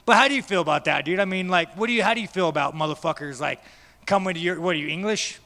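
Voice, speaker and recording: A man's voice: high voice, fast, vocal fry, sharp tone. A man, a fighter at a media day, giving blunt, profane, rambling answers to reporters. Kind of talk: press scrum answers. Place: large media day room. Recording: echoey hall.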